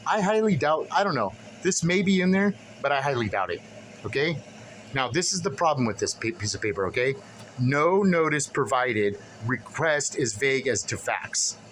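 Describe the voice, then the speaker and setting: A man's voice: mid-range voice, lively intonation, normal speed, a bit bright, a little hiss or hum, low-quality recording. A man venting to the camera in a casual vlog, agitated and profane, rambling with many restarts as he reads through paperwork. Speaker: vlogger.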